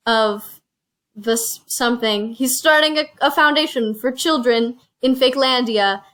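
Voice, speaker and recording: Female host, higher-pitched, animated storyteller, casual phone-recorded chat. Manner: animated storytelling, slipping into quoted voices. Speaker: reviewer and show host. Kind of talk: casual chat, retelling a movie plot. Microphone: phone used as camera.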